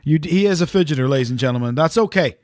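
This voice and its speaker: A man's voice: a little high, expressive, rapid-fire, a little mellow, dry recording, clean studio sound. A man co-hosting a podcast, chatty and playful, leading the talk. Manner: chatty, playful, leads the conversation. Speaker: podcast co-host. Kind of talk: casual podcast chat.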